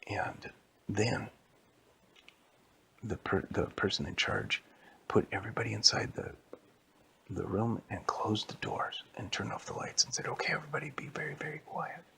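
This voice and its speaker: A man telling an improvised bedtime story in a hushed, mostly whispered voice. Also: lowish voice, steady tone, unhurried, creaky, long pauses.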